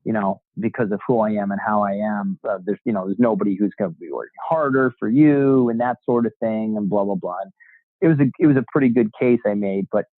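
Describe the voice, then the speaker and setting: A man's voice: on the low side, a little fast, no room sound. A man, a real estate agent as a guest, telling his story in a casual interview and acting out the voices of people he quotes, swearing freely. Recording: dry, tinny phone-like sound.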